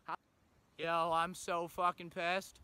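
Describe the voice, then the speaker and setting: Recording himself on a phone camera at arm's length, a young man from Canada chats casually outdoors and in a car, rambling along in a relaxed way with lots of slang. His high voice is slow and monotone, sharp yet clear and resonant, and the recording is dry.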